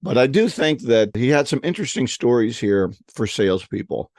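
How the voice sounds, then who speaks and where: A man's voice: mid-range voice, expressive, fairly quick, a little mellow, no room sound, studio quality. A man co-hosting a casual talk on selling, telling anecdotes with restarts and acted-out voices. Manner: storytelling, acts out voices in anecdotes; frequent restarts and repeated words. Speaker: podcast co-host.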